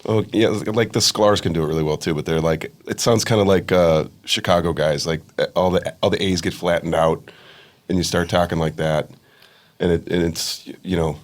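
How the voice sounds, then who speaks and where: Deep-voiced man with deadpan humor. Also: moderate pace. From Missouri, US. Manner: dry, deadpan joking. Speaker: guest actor. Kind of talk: casual comedy chat.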